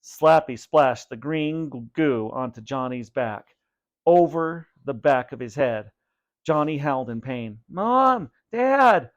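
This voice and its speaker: A man's voice: mid-range voice, measured pace, darkish tone, muffled recording. Man reading a spooky story aloud. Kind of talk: read-aloud storybook narration.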